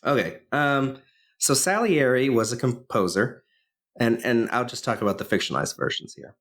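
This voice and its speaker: This podcast co-host has a medium-pitched, fairly bright voice that's expressive and moves at normal speed. He retells a movie's story in a loose, rambling way, full of fillers and false starts.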